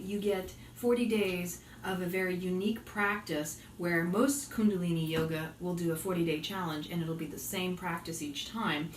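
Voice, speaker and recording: A woman's voice: on the low side, recorded from a distance. A woman with a slight Boston accent chatting casually to viewers while cooking at home, giggly and talkative. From Boston area. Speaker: vlogger and yoga teacher. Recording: roomy and off-mic with faint noise.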